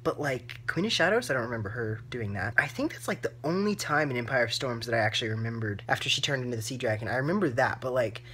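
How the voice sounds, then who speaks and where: A woman's voice: rumbling low, animated, quick pace, hardly any pauses, a bit bright, slight background noise. A woman book vlogger reacting live to her reading, emotional and gushing, close to tears and full of "like" fillers.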